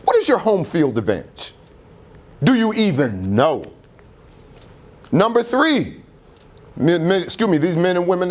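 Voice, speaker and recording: Animated man giving a motivational speech. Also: mid-range voice. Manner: animated preacher-like delivery with rhetorical questions. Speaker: motivational speaker. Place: auditorium.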